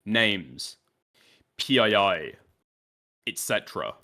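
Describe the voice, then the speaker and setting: A man's voice: lowish voice, sing-song, slow pace, creaky, sharp tone. A man arguing over a call, exasperated and sarcastic, swearing and trading insults. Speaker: debater on a call. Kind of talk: heated argument.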